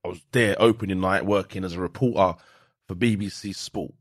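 A man's voice: sits low, brisk, husky, no echo. Storytelling man, dry. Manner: animated storyteller, swears freely. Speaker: guest. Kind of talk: casual podcast chat.

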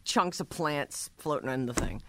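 A radio show co-host in casual chat, telling anecdotes in an animated way and laughing along the way. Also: medium pitch, a little slow, noisy background.

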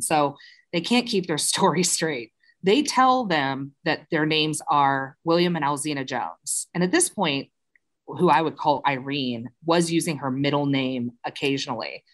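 Low-voiced woman telling a crime story. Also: animated, moderate pace. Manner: chatty, retells the case with asides and filler. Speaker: true crime podcast host. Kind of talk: casual storytelling chat.

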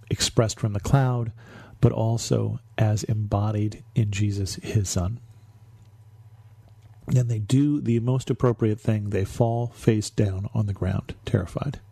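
A man hosting a Bible study podcast, explaining scripture in a reflective way and slowing down for emphasis. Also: lowish voice, vocal fry, warm tone, slightly rough, no room sound. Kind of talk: Bible teaching.

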